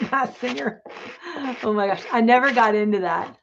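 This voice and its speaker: Hosting a relaxed craft-along livestream, a woman with a higher voice talks at a measured pace, chatting to viewers and thinking out loud as she measures and cuts. It's a dull, lo-fi home recording where background noise comes through clearly.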